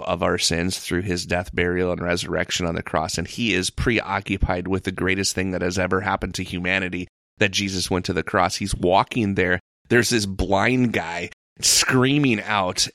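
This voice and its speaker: A man leading a casual Bible discussion, earnest and halting with frequent restarts. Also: low-pitched, fairly bright tone, no echo, clean studio sound. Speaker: Bible study leader.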